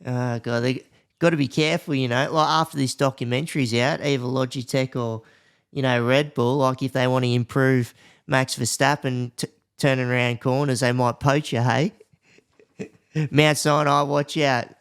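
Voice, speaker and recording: A podcast host talks in an easygoing, chatty way. His voice is mid-pitched and full of gravelly fry. He asks his questions loosely, like talking to a mate. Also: fairly even intonation, moderate pace. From Australia. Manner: friendly, loose questions with laughs. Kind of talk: casual interview.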